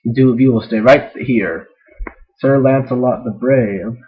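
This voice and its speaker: A man's voice: mid-range voice, measured pace, breathy edge. A man voicing a young filly who plays a stern, commanding king. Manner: commanding, pounding the table. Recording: dull lo-fi recording.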